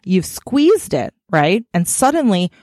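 A woman's voice: mid-range voice, very animated, slow pace, darkish tone, no echo, clean studio sound. A woman hosting a podcast, explaining things frankly and playfully in casual talk. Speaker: podcast host.

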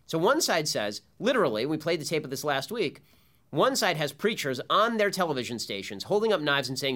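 A man's voice: fairly high pitch, sing-song, fairly quick, fairly bright tone. A man hosting a political commentary show, talking emphatically with sarcastic rhetorical questions. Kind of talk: opinion commentary monologue.

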